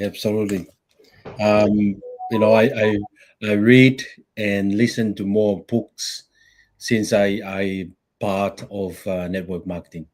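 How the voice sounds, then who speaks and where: A man's voice: fairly low pitch, darkish tone. A man speaking casually and hesitantly, stumbling and restarting his sentences. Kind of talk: casual conversation.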